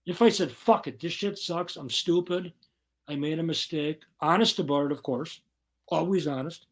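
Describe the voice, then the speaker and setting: A man as an interview guest, telling his story bluntly and profanely in casual, animated talk. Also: a little high, normal speed.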